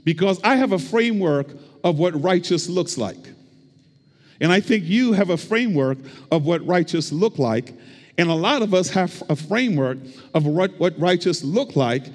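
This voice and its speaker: A man's voice: high-pitched, expressive, moderate pace. A male pastor preaching a sermon, with rhythmic repetition and call-and-response to the congregation. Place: church sanctuary. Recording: long hall reverb.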